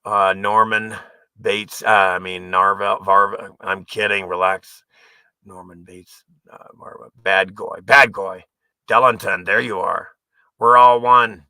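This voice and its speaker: A man hosting a livestream, ranting in a profane, angry, rambling way and sometimes shouting. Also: low voice, steady tone, takes it slowly, smooth, dry recording. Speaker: livestream host. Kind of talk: livestream rant.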